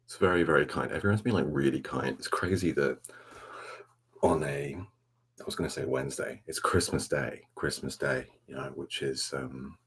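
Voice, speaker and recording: A man hosting a soft-spoken ASMR live stream, rambling laid-back as he reads and answers the chat, self-mocking. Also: extremely low pitch, normal speed. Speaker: ASMR livestream host.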